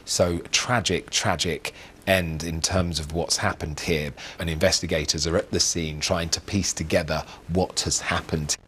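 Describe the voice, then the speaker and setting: A man's voice: low-pitched, fairly even intonation, unhurried, a bit bright, breathy edge. A male correspondent giving a somber, informative news report.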